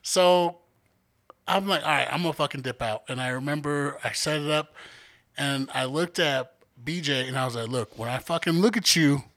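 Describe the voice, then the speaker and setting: A man in his twenties chatting on a podcast. His voice is gravelly and bright, sitting somewhat high. He tells a story animatedly and jumps into acted-out quotes. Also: moderate pace. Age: 20s. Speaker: podcast co-host. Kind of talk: casual podcast chat.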